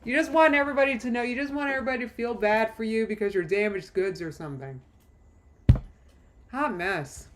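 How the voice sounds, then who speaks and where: A woman's voice: fairly high pitch, fairly quick, background noise. A woman hosting a live reaction stream, reading out texts and thanking chat in a chatty, snarky, often laughing way. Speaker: drama commentary streamer.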